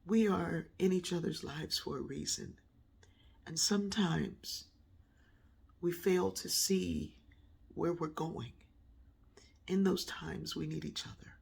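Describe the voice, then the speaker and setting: A woman's voice: lowish voice, slow, creaky, pauses often, slightly rough. A woman telling a personal story in a reflective monologue, acting out voices when she quotes people. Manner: animated, acts out voices in quoted dialogue.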